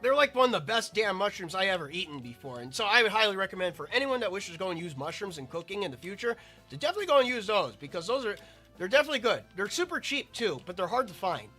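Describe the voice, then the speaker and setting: A man's voice: high voice, very animated, fast talker, pushed and bright, faint music behind. A man giving rambling, chatty commentary while playing a video game. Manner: rambling, chatty, self-interrupting. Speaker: gaming video creator. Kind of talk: casual gameplay commentary.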